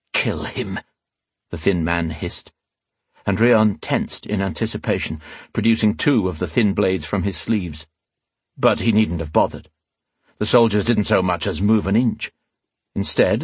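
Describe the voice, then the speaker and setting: Male audiobook narrator, deep-ish and husky, dramatic fantasy reading. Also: no room sound. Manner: measured, dramatic storytelling.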